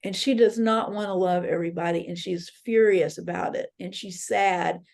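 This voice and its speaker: Brief: woman teaching a dream workshop, gravelly voice, earnest storyteller. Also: lowish voice, steady tone, moderate pace, darkish tone. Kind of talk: teaching talk with retold dreams. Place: interfaith center workshop.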